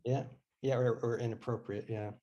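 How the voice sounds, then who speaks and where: A man's voice: medium pitch, fairly even intonation, normal speed, dark tone, dull audio. A man interviewing a guest, reacting with short, enthusiastic comments. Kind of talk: interview conversation.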